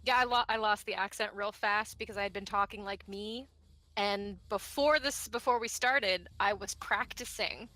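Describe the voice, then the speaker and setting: A woman's voice: medium pitch, normal speed, dry recording. A woman player chatting casually and laughing often over a voice call about a tabletop game. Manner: giggly, animated storyteller.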